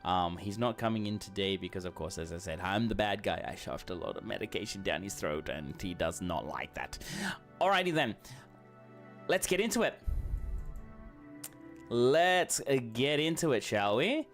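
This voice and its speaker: A man streaming a game, talking casually and rambling warmly, with lots of fillers and restarts. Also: lowish voice, lively intonation, moderate pace. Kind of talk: casual chat while streaming. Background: faint background music.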